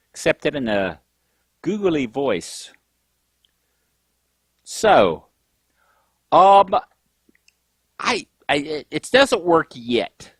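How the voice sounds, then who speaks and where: A man's voice: high-pitched, big pitch swings, slow pace, pauses often, a bit bright, no room sound. A middle-aged man hosting a tech show, telling rambling self-mocking stories and laughing at himself. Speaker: tech podcast host. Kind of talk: casual tech show chat.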